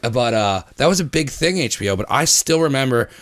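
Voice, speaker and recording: A man's voice: medium pitch, expressive, a little fast, a bit bright. Casual, swearing male podcast host. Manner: loose storyteller, swearing freely. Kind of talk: casual chat.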